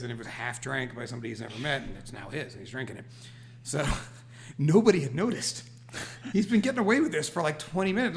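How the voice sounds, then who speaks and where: A man's voice: mid-range voice, slight background noise. A man co-hosting a podcast, telling a story in casual chat and laughing as he goes. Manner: animated, laughs through stories. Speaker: podcast co-host.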